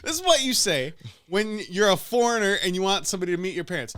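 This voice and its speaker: A man's voice: sits high, sing-song, quick pace, fairly bright tone, smooth. A man co-hosting a podcast in casual chat, profane and emphatic, laughing often. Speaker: podcast co-host.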